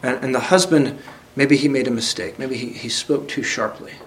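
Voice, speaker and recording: A man preaching a sermon, reading scripture aloud and asking the congregation direct questions. He talks earnestly, climbing to emphatic peaks and then dropping quiet. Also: medium pitch, fairly even intonation, moderate pace, slight background noise.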